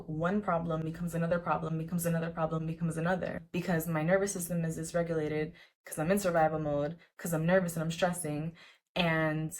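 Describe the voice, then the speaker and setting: A young woman vlogging to camera in a casual, earnest, encouraging way, full of "like" fillers and repeated words. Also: low-pitched. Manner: chatty, repetitive, lots of "like" fillers. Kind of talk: casual motivational talk to camera.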